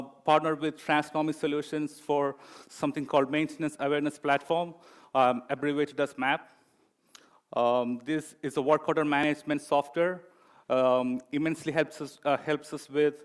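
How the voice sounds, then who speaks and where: A man presenting as a project manager in a corporate talk, pausing often with fillers. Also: a little high. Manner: hesitant, many fillers.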